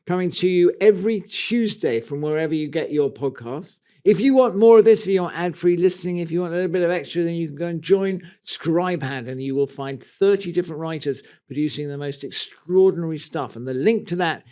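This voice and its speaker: A man's voice: fairly high pitch, fairly quick, hardly any pauses, mellow, clear, resonant tone. A man with a British accent co-hosting a casual garden podcast, talking in a playful, rambling, self-mocking way. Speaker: co-host.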